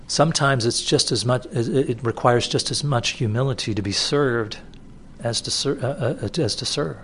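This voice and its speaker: A man delivers a sermon from the pulpit in an easy, conversational manner. His voice sits at an ordinary middle pitch, and he restarts phrases and repeats key words to drive a point home. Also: moderate pace, a bit bright, slight background noise. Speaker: pastor. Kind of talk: expository sermon.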